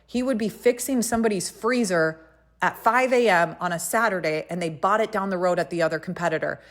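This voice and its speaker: A woman's voice: fairly low pitch, brisk. A woman hosting a podcast, telling a story in a casual, emphatic, indignant way and talking straight to her listeners. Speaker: podcast host.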